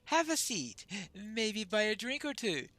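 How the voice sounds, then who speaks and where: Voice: mid-range voice, big pitch swings, unhurried, fairly bright tone, faint music behind, pitched above the performer's own voice. A player voicing a wary innkeeper. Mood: grudging.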